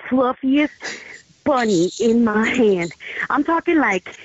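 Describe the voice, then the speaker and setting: A woman guest in an excited casual chat on a live stream, gushing, laughing often as she tells a story, heard over a phone call. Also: medium pitch.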